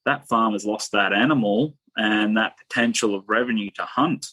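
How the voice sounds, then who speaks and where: A man's voice: fairly low pitch, moderate pace, sharp tone, no room sound, rough recording. A man talking bluntly and with strong opinions in a casual podcast chat, filling his talk with "and that". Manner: blunt, opinionated, drawling fillers. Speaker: podcast guest.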